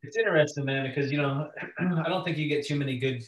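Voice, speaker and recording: A man's voice: on the high side, fast. A man from Washington State hosting a casual chat, easygoing, often saying "man". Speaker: interview host, coach. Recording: roomy, off-mic.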